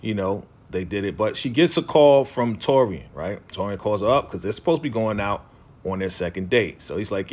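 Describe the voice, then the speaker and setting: A man's voice: on the low side, lively intonation, normal speed, darkish tone. A man talking casually as a TV recap vlogger, loosely quoting characters in his own voice with lots of fillers. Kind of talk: casual chat.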